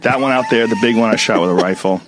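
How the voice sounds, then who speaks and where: A man's voice: fairly low pitch, fast talker, slight background noise. A man hosting a podcast, explaining things in a matter-of-fact, easygoing way. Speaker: podcast host. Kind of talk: casual podcast conversation.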